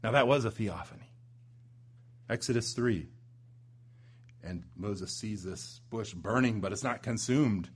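A man preaching a sermon, building to loud emphatic peaks and dropping low and slow for weight. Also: husky. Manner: dramatic swings in pitch and loudness, slows for emphasis.

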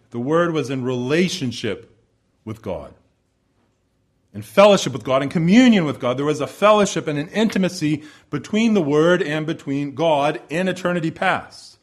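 Emphatic man preaching a sermon. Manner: emphatic, swelling and dropping to hushed low phrases; repetitive rhetorical build-ups.

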